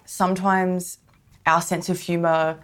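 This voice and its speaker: A woman's voice: on the low side, level tone, slow pace. An Australian woman in casual podcast chat, talkative and self-deprecating, often laughing.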